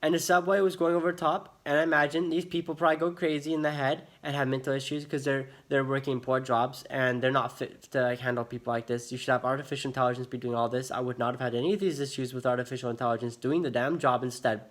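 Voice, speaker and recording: A man's voice: medium pitch, little pitch movement, fast talker, few pauses. A young American man telling an agitated storytime rant in his vlog, swearing often as he talks. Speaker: vlogger.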